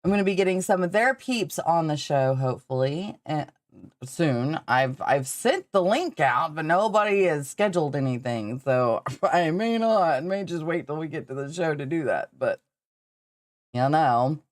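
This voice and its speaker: A woman's voice: sits low, expressive, normal speed, no echo, studio quality. A woman with a Southern accent hosting a podcast livestream, rambling casually, swearing freely and laughing often. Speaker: podcast host.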